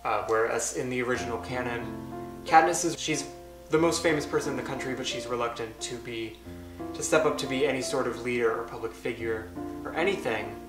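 A man's voice: mid-range voice, fairly quick. Wry young man reading his old script. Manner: wry, deadpan, self-mocking. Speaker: YouTuber. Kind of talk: casual reading and commentary. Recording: roomy echo with music underneath.

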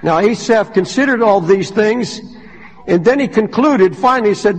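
An older man preaching a sermon as pastor, with impassioned delivery that swings from hushed to shouted. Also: sits high, moderate pace. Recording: long hall reverb.

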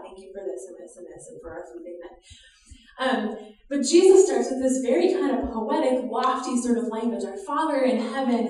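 A woman's voice: on the high side, a little mellow. A woman from the United States preaching a conversational sermon in a church, with frequent laughter during anecdotes. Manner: conversational, laughs often while telling stories. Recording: echoey church hall from far off.

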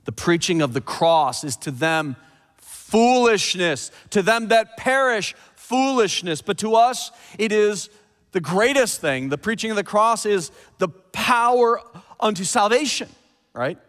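A man preaching a sermon as pastor, with animated delivery, scripture readings and asides. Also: high voice, a little slow. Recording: long hall reverb.

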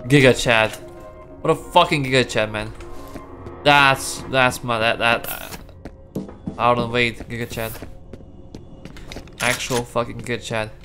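A man's voice: medium pitch, little pitch movement, a little slow, pauses often. A young man giving profane, rambling, mock-angry commentary while playing a video game. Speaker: gaming streamer. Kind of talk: let's play commentary. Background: game music and gunfire.

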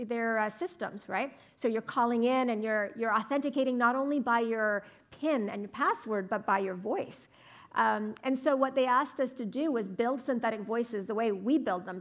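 A woman speech scientist giving a lecture and answering audience questions in a thoughtful, explanatory way. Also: on the high side. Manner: thoughtful, explanatory, frequent "right?" and "um". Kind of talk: academic talk with audience Q&A. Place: lecture hall.

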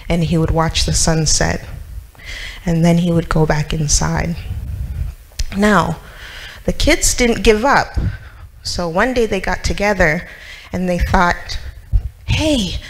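A woman's voice: lowish voice, slight background noise, poor audio. A woman telling a story to children in church, asking them questions and acting out the characters.

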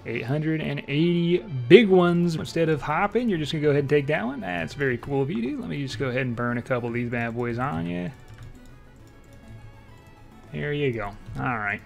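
A young man giving live gameplay commentary, excitable and trash-talking, swinging between low mutters and loud shouts. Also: fairly quick, vocal fry, faint music behind. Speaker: streamer playing an online game.

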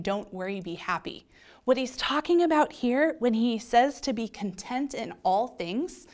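Gentle, earnest woman speaking to children. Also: a little high. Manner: gentle and earnest, addressing kids. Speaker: children's ministry leader. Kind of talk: children's sermon.

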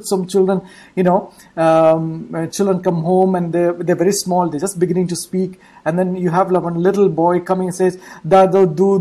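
Mellow, husky woman preaching a sermon. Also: medium pitch, poor audio. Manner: repeats points and checks in with rhetorical questions. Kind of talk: online church sermon.

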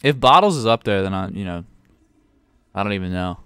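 A man's voice: low voice, expressive, brisk, fairly bright tone, clear, resonant tone. A man streaming a game show game live, commenting in a profane, ranting, exasperated way.

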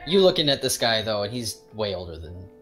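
A man's voice: fairly low pitch, very animated, fairly quick, a bit bright, faint music behind. A man narrating and explaining scenes as game master in a casual, rambling way.

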